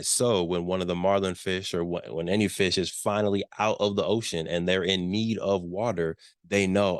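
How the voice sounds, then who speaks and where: Deep-voiced man coaching on sales. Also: fairly even intonation, moderate pace, few pauses, clean tone, no echo, clean studio sound. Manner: emphatic, repeats key questions, asks "right?". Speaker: workshop presenter. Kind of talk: business coaching talk.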